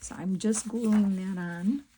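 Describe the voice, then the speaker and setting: A middle-aged woman chatting casually to her viewers while she works on a craft project, talking to herself in soft asides. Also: mid-range voice, slow pace, a little hiss or hum, rough recording. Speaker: crafting vlogger.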